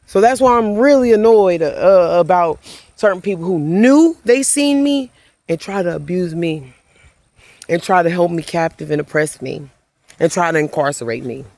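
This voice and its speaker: A woman's voice: lowish voice, expressive, moderate pace, a little mellow, no echo. A woman giving an emotional, rambling spiritual monologue as a self-described prophet, preachy and swearing freely.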